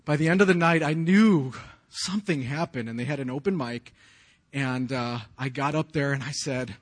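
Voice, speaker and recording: A man's voice: medium pitch, normal speed. A man in his forties preaching a sermon, telling his own story in a conversational way with casual slang and frequent restarts. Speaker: pastor. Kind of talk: sermon with personal testimony.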